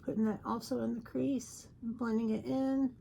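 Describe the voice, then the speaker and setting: A woman's voice: fairly high pitch, flat delivery, normal speed, vocal fry, mellow, slight background noise. A woman chatting casually through a makeup tutorial, playful and self-mocking. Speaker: makeup YouTuber.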